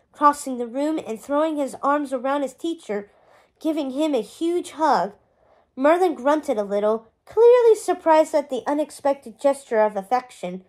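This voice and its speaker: A woman reads a chapter book aloud in a bright, high voice. Her narration is expressive and lively, keeping the story moving between the characters' lines. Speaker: storybook reader.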